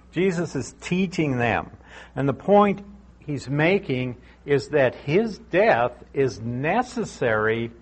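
A middle-aged man teaches verse by verse through a Bible passage in a relaxed, conversational way. He repeats his key points to drive them home, and his voice sits at an ordinary middle pitch.

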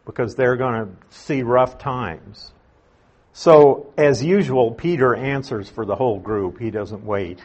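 A man teaching a verse-by-verse Bible study in an unhurried, conversational way, explaining and restating his points. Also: mid-range voice, a little mellow, breathy edge.

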